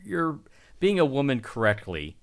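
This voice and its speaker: A man's voice: medium pitch, very animated, moderate pace, vocal fry. A man co-hosting a podcast, chatting casually in a rambling way, with lots of restarts and filler words. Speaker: podcast co-host. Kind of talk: casual chat.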